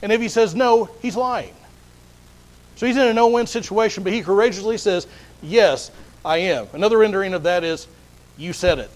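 A man's voice: sits high, fairly quick, rough recording. A man preaching a sermon, explaining a Bible passage earnestly and often repeating words as he restarts. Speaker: pastor.

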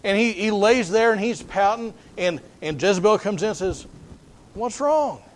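A man with a notably high voice preaches a sermon, retelling the story as if chatting with his listeners. His delivery is folksy and loose, and he often restarts his phrases mid-thought. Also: normal speed, slight background noise.

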